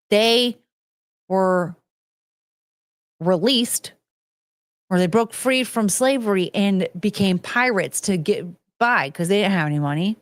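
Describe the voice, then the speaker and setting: A woman's voice: mid-range voice, no echo. Woman podcaster, loose and rambling, musing aloud in casual chat, close dry mic. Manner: rambling, thinks out loud with rhetorical questions. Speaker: podcast host.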